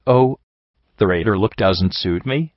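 A man voicing a tough, battered young female pony mercenary who talks gruffly and bluntly, with a lot of swearing. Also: on the low side, measured pace, dry recording. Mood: wry. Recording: dull lo-fi recording.

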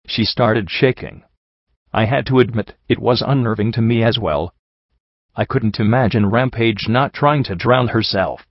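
A man narrating a first-person story as an audiobook, reading in a steady, even way. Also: medium pitch, a little slow, dry recording. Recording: dull, dry.

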